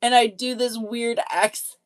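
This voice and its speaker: A woman's voice: fairly high pitch, little pitch movement, measured pace. A woman live streaming in casual chat. She is chatty and self-deprecating, and she laughs often.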